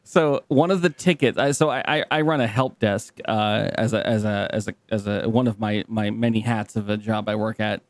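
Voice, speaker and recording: A man's voice: fairly low pitch, normal speed, few pauses, dry recording. A young man co-hosting a casual podcast, telling a rambling story and swearing freely. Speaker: podcast co-host. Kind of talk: casual chat.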